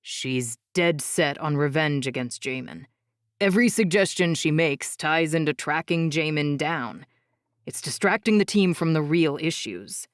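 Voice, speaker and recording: A woman voicing a tired, caring young husband in an audiobook, speaking low and weary. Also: lively intonation, a little slow, no echo, studio quality. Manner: low, weary and soft-spoken. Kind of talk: audiobook character voice.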